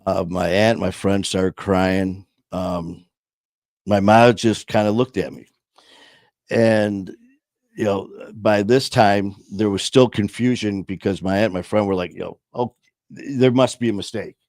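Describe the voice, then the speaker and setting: Man, deep low voice, reflective storytelling host, lots of pauses and fillers, dry close sound. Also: fairly even intonation, darkish tone, no room sound. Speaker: podcast host telling his story. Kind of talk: personal storytelling.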